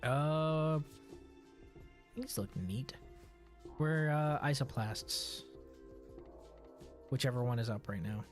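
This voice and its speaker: A man's voice: mid-range voice, slow pace, long pauses, soft background music. A man from Texas streaming a video game, chatting casually and joking, with frequent swearing. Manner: laid-back, joking, swears often. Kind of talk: casual gaming chat.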